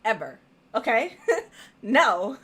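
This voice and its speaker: A woman co-hosting a casual writing chat over a video call, playful and animated, laughing often. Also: fairly high pitch, drawn-out words, slightly rough.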